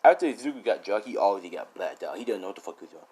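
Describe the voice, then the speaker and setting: A man's voice: fairly low pitch, animated, rapid-fire, a little mellow, slightly rough, rough recording. A man casually telling a fan story, rambling with lots of fillers and swearing.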